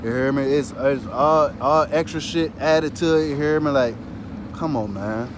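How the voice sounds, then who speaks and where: A man's voice: mid-range voice, moderate pace, noisy background. A man talking casually and loosely about spirituality, dropping "you hear me" after nearly every phrase and swearing freely. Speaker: spiritual talker. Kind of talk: casual monologue.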